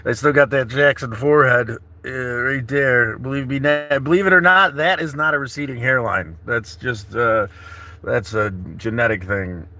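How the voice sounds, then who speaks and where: A man's voice: mid-range voice, fairly even intonation, normal speed, bright, forceful tone. A man in his thirties chatting casually from inside his camper car, rambling in a laid-back way and calling viewers brother and buddy. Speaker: travel vlogger. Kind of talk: casual morning livestream chat.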